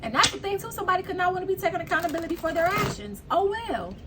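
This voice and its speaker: A woman's voice: very high-pitched, animated, rapid-fire, loud music behind the voice. A woman giving a casual spiritual tarot reading, blunt and preachy, swearing freely as she talks. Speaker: tarot reader.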